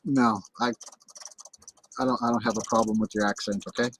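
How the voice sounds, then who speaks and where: A man's voice: medium pitch, huge pitch swings, a little fast, gravelly, a little hiss or hum, poor audio. Chatty American man hosting a livestream. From United States. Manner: loose, chatty, swears casually, repeats words. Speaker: livestream host. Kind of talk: casual livestream chat.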